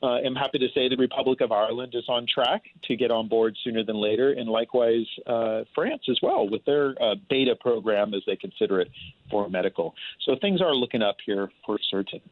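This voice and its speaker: An easygoing man speaking as a phone-in guest in a radio interview, chatty and quick to laugh. His pitch is mid-range. The sound is thin and tinny, like a phone line, and dry. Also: dry recording. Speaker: phone-in guest, cannabis industry. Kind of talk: casual interview over the phone.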